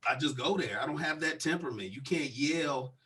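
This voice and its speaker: A young man co-hosting a casual podcast, an animated storyteller who acts out the people he quotes. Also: on the high side, a little fast, slightly rough. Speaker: podcast co-host.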